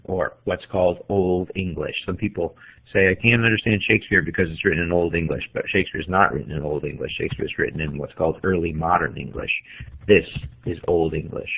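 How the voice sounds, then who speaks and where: Male teacher, unhurried classroom lecture, gravelly fry, tinny narrow audio. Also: low voice. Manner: slow, deliberate, counting out examples.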